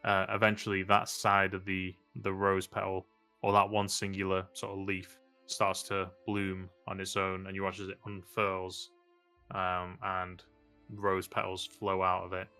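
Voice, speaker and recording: A man narrating a tabletop game, his voice sitting low. He is easygoing, with frequent "um"s and laughs. Quiet music plays underneath. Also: unhurried. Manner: relaxed, laughing, many fillers. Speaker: game master.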